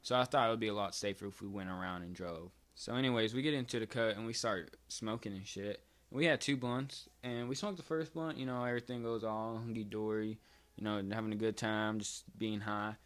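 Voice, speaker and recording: A man's voice: on the low side, fairly even intonation, a little fast. A young man telling a casual storytime vlog story, rambling and swearing, with constant "like" fillers. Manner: rambling, profane, filler-heavy "like". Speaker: vlogger.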